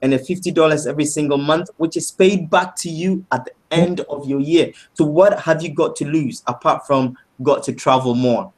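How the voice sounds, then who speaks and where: A man presenting a sales pitch on a webinar, upbeat and persuasive, often asking "right?" and calling the audience "guys". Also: moderate pace, few pauses.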